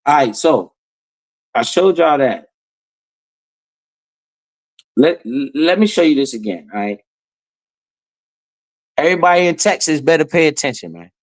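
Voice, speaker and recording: Animated, heckling man with dry sound. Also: a little high, unhurried, pauses often, no room sound. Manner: animated, heckling, swears and laughs often. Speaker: finance streamer. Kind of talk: casual commentary over a played clip.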